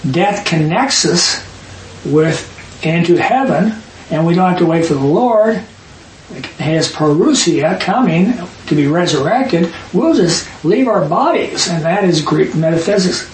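High-voiced man teaching scripture, echoey. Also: darkish tone. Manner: emphatic, rapid asides, reads scripture aloud. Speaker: Bible teacher. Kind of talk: Bible study teaching. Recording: echoey room, distant mic, faint hiss.

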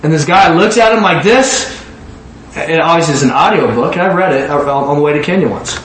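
A man preaching and telling stories, animated, often repeating words and acting out the people he describes. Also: on the high side, fairly quick, echoey room, a little hiss or hum, low-quality recording. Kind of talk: storytelling sermon.

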